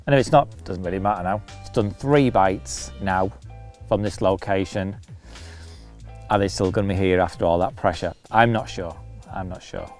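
A man's voice: low voice, moderate pace, faint music behind. A man hosting a fishing vlog outdoors by a lake, chatting easily as he explains his tactics. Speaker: angler and show host. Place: outdoors at a lakeside swim.

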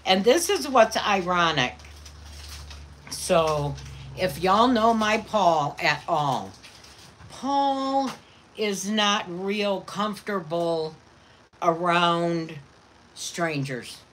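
Woman vlogger, relaxed and slow-spoken, fond baby talk to pets, faint background noise. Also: fairly low pitch. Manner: doting baby talk to her dogs. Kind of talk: casual chat to viewers and pets.

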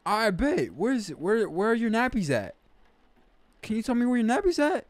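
A young man chats through a game in a loose, slangy way, calling everyone bro and man. His pitch swings widely, and he breaks into sudden loud bursts of excitement. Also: normal speed, no echo. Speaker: gaming YouTuber. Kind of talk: casual let's-play commentary.

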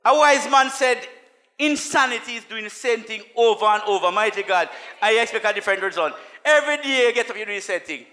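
A man preaching a sermon as a minister, mixing laughing asides with chanted, call-and-response lines and swinging from soft talk to shouts. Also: sits high, animated, fairly quick.

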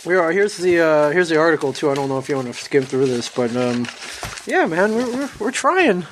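A man's voice: fairly high pitch, big pitch swings, a crowd in the background. A man who is a guest on a podcast, talking casually with restarts and easy laughs. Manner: halting, repeats words, laughs easily. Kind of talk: casual chat.

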